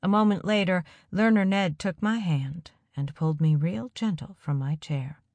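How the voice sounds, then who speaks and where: A woman narrating a first-person story aloud in a calm, measured way. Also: lowish voice, no echo. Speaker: audiobook narrator.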